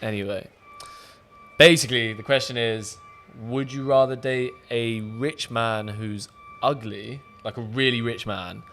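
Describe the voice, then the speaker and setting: A man's voice: medium pitch, steady tone, a little slow, fairly bright tone, soft background music. Frank, jokey man hosting. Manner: frank, jokey, swears casually. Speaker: podcast host. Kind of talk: casual chat.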